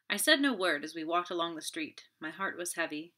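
Woman audiobook narrator, lowish pitch, bright clear tone, steady storytelling. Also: fairly quick. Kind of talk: first-person audiobook narration.

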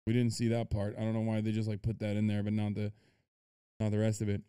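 Male streamer, profane and incredulous rant, warm smooth tone, dry close sound. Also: fairly low pitch, monotone, fast talker, no room sound. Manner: incredulous, swears a lot, rants. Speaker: streamer reacting to a video. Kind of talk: profane, animated commentary and article reading.

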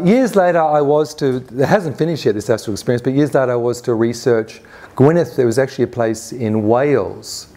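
A man's voice: mid-range voice, dark tone. Earnest man telling a personal story on stage. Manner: earnest, recounts events in present tense with inner quotes; frequent restarts and fillers, conversational. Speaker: conference speaker. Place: summit stage before an audience.

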